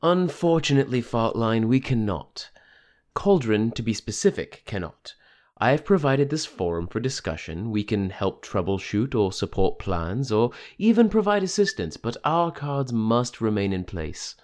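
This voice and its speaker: A man's voice: mid-range voice, big pitch swings, a little mellow, pitched above the performer's own voice, natural voice. A man reading an audiobook, voicing a controlled woman leader of a secret group who speaks formally and firmly. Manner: formal, measured, unyielding.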